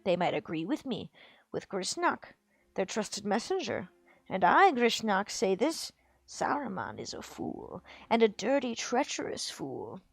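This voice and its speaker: A woman reading aloud, voicing a sly, evil male orc who sneers in a softer, scheming tone. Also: medium pitch, sing-song, unhurried, gravelly, breathy edge, no echo, heavily acted. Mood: sneering. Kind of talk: reading a book aloud on a livestream.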